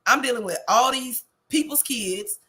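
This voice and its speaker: Woman in her thirties, podcast co-host, bright, slightly high voice, blunt and slangy. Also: moderate pace. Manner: animated storytelling with blunt slang. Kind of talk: casual chat.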